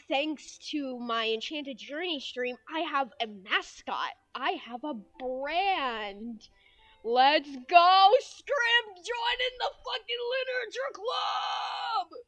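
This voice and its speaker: A woman's voice: high voice, fairly bright tone, dry recording. A young woman in her twenties streaming a game, giggly, self-mocking and prone to swearing.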